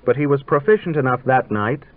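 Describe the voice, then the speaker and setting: A man narrating a literary story in a measured, dryly ironic way, heard on a tinny old radio broadcast. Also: mid-range voice, lively intonation.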